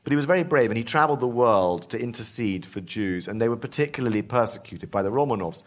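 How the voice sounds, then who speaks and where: A man, an author and historian, telling lively stories in conversation, full of asides and restarts. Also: fairly low pitch. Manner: animated anecdotes with many restarts and asides. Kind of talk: storytelling in conversation.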